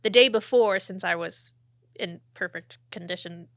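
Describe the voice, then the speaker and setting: A young woman hosting a podcast, chatting casually and laughing between phrases, her voice trailing off softly. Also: mid-range voice, normal speed, no room sound, clean studio sound. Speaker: podcast host. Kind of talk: casual interview talk.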